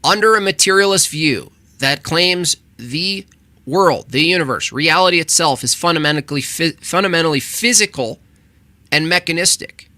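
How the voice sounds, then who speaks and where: Heated male reaction host, swears a lot, bright and sharp-edged voice. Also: on the high side, moderate pace, no room sound. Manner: combative, swearing, exasperated. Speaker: channel host reacting to a video. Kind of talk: heated casual reaction commentary.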